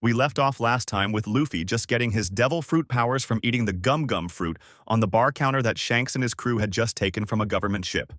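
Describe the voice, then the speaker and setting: A man's voice: medium pitch, a little fast, hardly any pauses, dry recording. A man narrating a fan-made story for his channel in a casual storytelling voice, close to the mic. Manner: lively storytelling.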